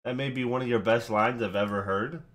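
Male reaction host, casual and excitable, breaks down lines as he hypes them. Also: mid-range voice, a little fast. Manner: excitable, swearing, hyping up lines.

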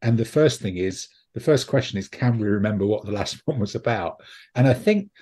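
Husky, low-voiced man. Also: lively intonation, a little fast, mellow. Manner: rambling, chatty, lots of ums and restarts. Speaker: podcast host. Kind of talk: casual chat.

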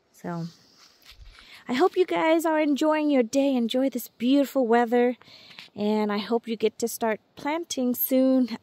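Chatty woman touring her garden, slightly high voice. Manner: chatty, warm toward viewers, coos baby talk at her dogs. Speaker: gardening vlogger. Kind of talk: casual garden walk-through vlog. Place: outdoors in a home garden.

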